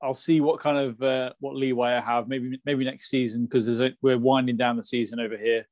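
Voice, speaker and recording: A man's voice: mid-range voice, flat delivery, brisk, a little mellow, dry recording, lo-fi sound. A man co-hosting a casual podcast, explaining things patiently and often repeating words as he starts. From England. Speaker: podcast co-host.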